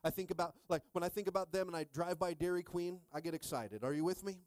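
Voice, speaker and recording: Male pastor, middle-aged, energetic sermon, slightly high voice, dry sound. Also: quick pace, no echo. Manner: energetic, repeatedly asking "are you with me?".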